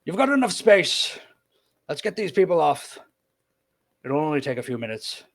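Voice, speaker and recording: A man voicing a calm, practical, otherworldly male fisherman who floats, speaking easygoing and reassuring in a tabletop game. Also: on the high side, normal speed, creaky, voice pushed up.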